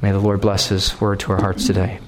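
A man preaching a sermon, pleading and repeating phrases for emphasis, rising to impassioned emphasis and settling into quiet prayer. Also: lowish voice, monotone, fairly quick, slight background noise.

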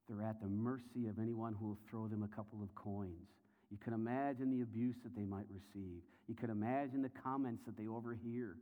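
A man preaching a sermon as a story. He asks the listeners questions, and his voice moves between hushed, low passages and rising, intense ones. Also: narrow, tinny audio. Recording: long hall reverb.

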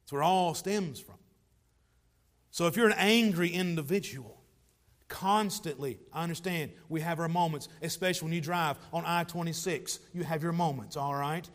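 A male pastor delivers a sermon in a church sanctuary. His voice sits high for a man, and he drives his points with repeated rhetorical questions. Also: moderate pace, fairly bright tone. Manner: emphatic preaching with rhetorical questions and repeated phrases.

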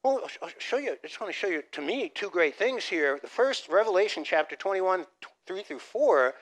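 Animated preacher, high bright voice. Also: male voice, brisk. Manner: animated preaching, swinging from loud emphasis to soft, near-whispered asides; repeats words as he restarts phrases. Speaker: pastor. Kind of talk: sermon.

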